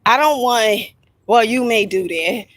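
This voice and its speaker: A woman filming a motivational vlog on her phone at an outdoor lookout. She talks emphatically, tosses in "okay?" and "honey" constantly, and breaks into excited whoops. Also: fairly high pitch, unhurried, background noise. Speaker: inspirational video creator.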